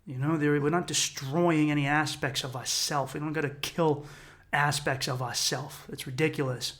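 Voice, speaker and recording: His pitch is fairly high, his tone steady and a bit bright, and his speed normal. He is a man in his thirties hosting a solo podcast, recounting a personal story with intensity and profanity and acting out his inner voices.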